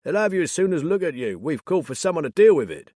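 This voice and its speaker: A man doing a loud, rough villager. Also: a little high, very animated, fast talker, no echo, studio quality, voice pushed up. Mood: alarmed. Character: agitated man in a crowd, local villager.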